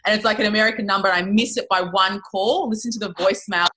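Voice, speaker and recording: A woman's voice: mid-range voice, steady tone, quick pace, pushed and bright, rough recording. A woman telling a story in a casual interview, chatty and swearing freely, with lots of "like" fillers. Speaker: interview guest, network marketing leader.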